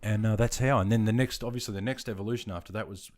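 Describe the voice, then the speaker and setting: A man's voice: lowish voice, fairly even intonation, fast talker, a little mellow. An Australian man in his fifties chatting casually on a live stream, reading out viewer comments and laughing easily. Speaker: live streamer, army veteran.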